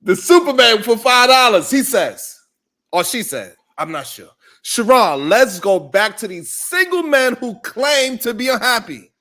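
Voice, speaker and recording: A panelist reads chat comments aloud in an animated way and hands the floor on to the others. His voice is high and lively, and his tone is bright and forceful. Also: measured pace. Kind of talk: casual panel talk.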